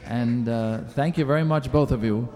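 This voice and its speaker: A man's voice: medium pitch, moderate pace, darkish tone. A man doing rambling stage patter as a lounge entertainer, telling corny jokes between songs at a live show.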